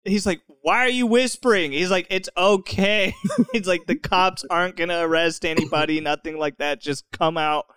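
A man's voice: fairly high pitch, moderate pace, few pauses, clear, resonant tone, dry recording. A young man telling a story in casual chat, laughing often and acting out what people said. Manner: animated, laughing often, acts out quotes.

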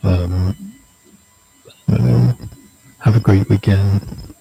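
Slow gravelly husky-voiced man rambling. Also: on the low side, fairly even intonation, mellow, rough recording. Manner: slow, meandering, self-mocking, sarcastic. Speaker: weekly video host. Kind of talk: rambling casual sign-off.

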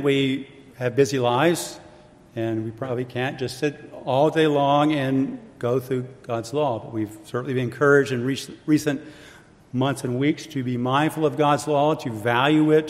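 A man's voice: medium pitch, steady tone. Reflective man preaching in a reverberant hall. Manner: measured, reflective, conversational with asides. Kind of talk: sermon. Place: church hall.

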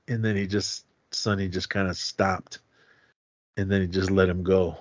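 A man's voice: low voice, normal speed, no room sound. Man animatedly recapping a film plot. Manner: animated retelling, acts out quotes. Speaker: podcast co-host. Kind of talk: casual movie recap. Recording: slightly muffled, dry sound.

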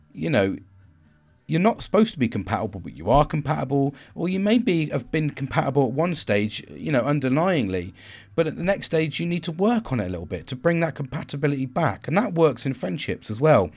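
A man's voice: mid-range voice, darkish tone. A man speaking in a reflective monologue, rambling with frequent restarts and asides. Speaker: host.

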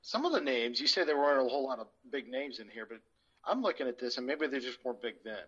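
A man chatting casually as a podcast co-host, laid-back and quick to laugh. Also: medium pitch, animated, a bit bright, slightly rough, lo-fi sound. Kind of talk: casual chat.

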